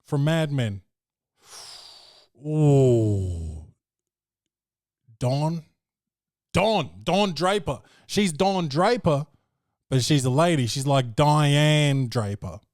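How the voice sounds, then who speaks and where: A man's voice: a little high, animated, takes it slowly, no room sound, studio quality. A man hosting a podcast, recapping a film in a brash, profane and joking way. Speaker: podcast host. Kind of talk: casual film review chat.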